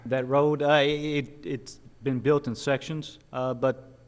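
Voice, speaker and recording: A man gives short, matter-of-fact answers at a county meeting. His delivery stays flat and level, with a long courthouse reverb behind it. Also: medium pitch, slow pace. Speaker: county official answering questions about roads.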